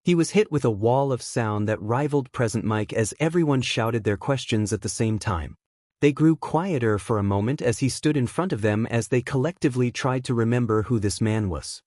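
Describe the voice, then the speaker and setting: A man narrating a fan-written story in a steady, even reading voice. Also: medium pitch, normal speed, no echo, clean studio sound. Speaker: fanfiction narrator.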